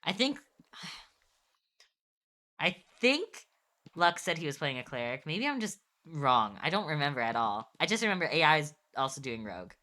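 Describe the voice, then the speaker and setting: A young woman streams and chats while she draws. Her voice sits low, but it bounces through a wide, lively range and has a bright edge. She rambles, stops to correct herself, and laughs a lot. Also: a little slow. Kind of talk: casual chat while drawing on stream.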